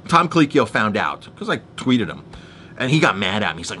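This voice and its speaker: A man vents in an animated, casual monologue, his voice bright and ringing. His pitch swings widely as he restarts and acts out past arguments. A faint rumble sits underneath. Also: brisk. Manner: animated storytelling, restarts, acts out quoted exchanges.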